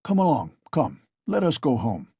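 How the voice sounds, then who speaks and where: A man's voice: medium pitch, huge pitch swings, normal speed, dark tone, husky, no room sound, heavily acted. A man reading a resigned, weary father. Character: weary father calming his son.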